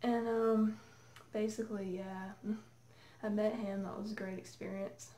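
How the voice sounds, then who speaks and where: A woman excitedly telling a rambling story to camera, full of fillers. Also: medium pitch, measured pace, a little hiss or hum. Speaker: vlogger. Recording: echoey room.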